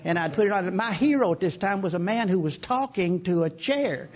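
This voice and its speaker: An older man tells his story at a recovery meeting, addressing the audience in a rambling, self-deprecating manner full of restarts. His voice sits high and sounds animated and fairly quick. The recording is dull and lo-fi.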